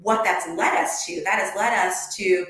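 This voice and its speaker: A woman's voice: medium pitch, fairly even intonation, moderate pace, fairly bright tone. A young adult woman from the United States, speaking passionately in a conversational interview, with many ums and restarts. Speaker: podcast guest. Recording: very echoey room.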